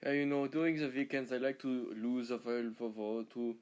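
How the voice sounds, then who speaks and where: A man putting on a German accent as a rambling, self-mocking German man who stumbles over his words and keeps a deadpan tone. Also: mid-range voice, normal speed, clean tone, natural voice. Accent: German, put on.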